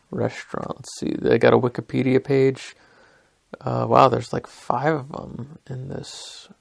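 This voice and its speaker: A man's voice: medium pitch, gravelly. A young man hosting a podcast, rambling through a story in a self-deprecating way with lots of fillers. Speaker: podcast host. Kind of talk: casual rambling monologue.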